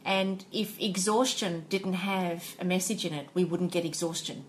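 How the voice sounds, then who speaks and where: A woman's voice: lowish voice, steady tone, moderate pace, a little hiss or hum. Earnest philosophical New woman. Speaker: podcast co-host. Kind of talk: casual chat.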